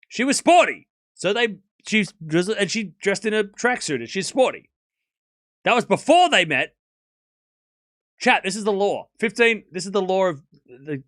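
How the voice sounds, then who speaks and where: A man with a high, slightly bright voice hosts a live tennis watchalong stream, mixing casual play-by-play with jokey banter. He's chatty, laughs often, and argues playfully with chat. The audio is clean studio sound with no room echo.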